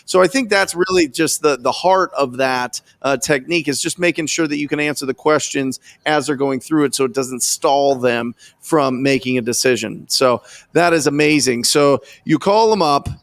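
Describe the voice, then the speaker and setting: A man's voice: medium pitch, normal speed, no room sound. A man hosting a coaching interview, enthusiastic and full of praise as he asks probing questions. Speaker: podcast host.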